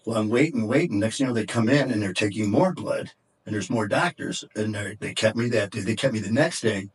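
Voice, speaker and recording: A man's voice: on the low side, fairly quick, husky. A middle-aged man and podcast guest telling an intense, emotional story in conversation, profane and at times choked up. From Detroit area, USA.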